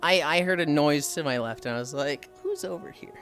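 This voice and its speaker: A Midwestern American man runs a live stream, rambling and swearing casually as he answers messages from chat. His voice sits a little high for a man. Soft music plays quietly underneath. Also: brisk.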